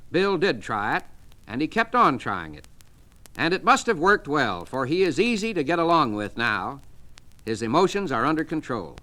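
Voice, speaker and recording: A man reading an inspirational book aloud in a measured, soothing, deliberate way. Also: a little high, very animated, bright, forceful tone. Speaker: narrator.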